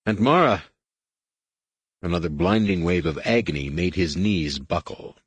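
A man narrating an audiobook in a measured storytelling read. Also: low-pitched, slightly rough, dry recording. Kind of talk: scripted narration.

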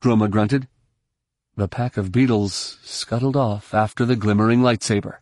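A man reading scripted narration for an audiobook in a measured, steady storytelling manner. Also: fairly low pitch, dry recording, studio quality.

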